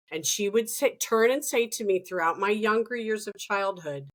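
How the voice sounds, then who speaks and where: A middle-aged woman who cares for a parent, telling frank, lively stories in conversation and swearing casually. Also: medium pitch, moderate pace, hardly any pauses, rough recording. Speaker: family caregiver. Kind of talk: candid conversational storytelling.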